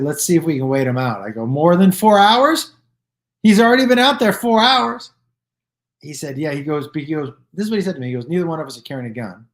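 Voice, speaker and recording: A comedian hosting his own live stream tells stories casually to viewers in a mid-range voice. He's animated, acting out dialogue with "I go" and "he goes," and his delivery is loose and profane, with restarts and fillers.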